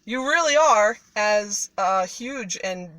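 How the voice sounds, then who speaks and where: A sly flattering talking tomcat, as a woman puts him on. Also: medium pitch, takes it slowly, no echo. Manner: flattering, wheedling, casual slang. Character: sly smooth-talking male cat.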